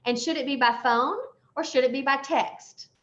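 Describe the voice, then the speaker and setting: Playful woman host asking questions, somewhat high-pitched, dull lo-fi audio. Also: moderate pace, a bit bright. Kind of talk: casual group chat, asking questions. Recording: dull, lo-fi sound.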